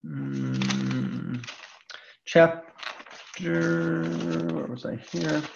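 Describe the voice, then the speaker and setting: Male Bible teacher, gravelly voice, deliberate lecture delivery with drawn-out emphasis, muffled lo-fi recording. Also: medium pitch, huge pitch swings, noisy background. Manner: deliberate, stretches words for emphasis. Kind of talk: lecture with scripture reading.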